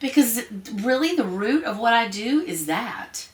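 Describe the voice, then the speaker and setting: A woman's voice: fairly high pitch, unhurried. A woman being interviewed as a guest, talking bluntly and animatedly with lots of profanity and acting out what others say. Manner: profane, blunt and animated, acts out quoted voices. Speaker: guest artist. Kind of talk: candid interview conversation. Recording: echoey room.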